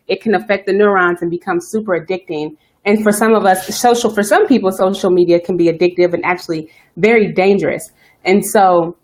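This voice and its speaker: A woman hosting a self-care live stream, talking fast and chatty, greeting viewers by name as she coaches. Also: medium pitch. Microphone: webcam or phone live stream.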